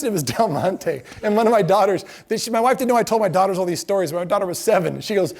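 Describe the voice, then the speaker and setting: Middle-aged guy lecturing w funny stories, pretty high voice, acts out everyone, laughs a lot. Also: quick pace, hardly any pauses. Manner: animated, acts out quoted voices, laughs often. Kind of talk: storytelling lecture.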